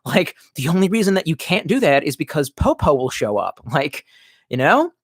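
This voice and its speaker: A man's voice: a little high, very animated, moderate pace, slightly rough, no room sound, clean studio sound. Rambling, swearing male live streamer. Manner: rambling, profane, many fillers and restarts. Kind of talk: casual live-stream chat, reading viewer comments.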